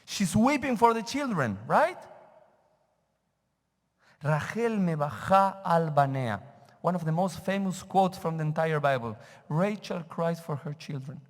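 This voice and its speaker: A man's voice: on the high side, expressive, normal speed, hardly any pauses. A man, teaching a sermon as a rabbi and questioning his congregation. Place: synagogue sanctuary. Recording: reverberant sanctuary.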